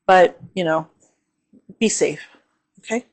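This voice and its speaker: A woman's voice: lowish voice, slow. A woman giving a casual astrology forecast, chatty, full of fillers, often checking in with "okay?". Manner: repeats gentle safety warnings. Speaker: astrology reader.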